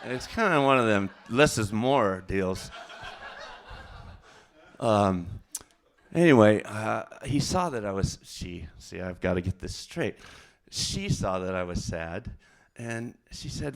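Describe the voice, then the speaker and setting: Halting, rambling stand-up comic, a man. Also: fairly low pitch, animated. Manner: rambling, halting, with fillers and self-corrections. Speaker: stand-up comedian. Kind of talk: stand-up comedy set.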